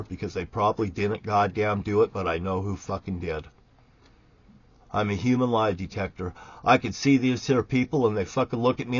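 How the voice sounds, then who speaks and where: A man's voice: fairly low pitch, slightly rough. Profane, preachy man in a lo-fi recording. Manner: profane, preachy, swings loud and soft. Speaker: online ranter. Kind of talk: angry monologue. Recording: dull lo-fi recording.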